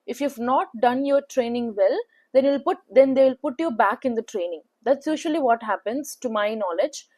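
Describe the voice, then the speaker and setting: A woman's voice: fairly high pitch, normal speed, darkish tone. A young woman with an Indian accent talking through test practice in a casual, filler-heavy way, often checking in with "okay". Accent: Indian English. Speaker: placement test tutor. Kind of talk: casual spoken tutorial.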